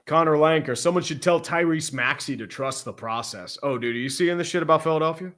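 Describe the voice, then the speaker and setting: A man's voice: a little high, brisk, fairly bright tone. A young man co-hosting a casual sports podcast, reading out viewer comments with crude jokes. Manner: crude, joking, reads out viewer messages.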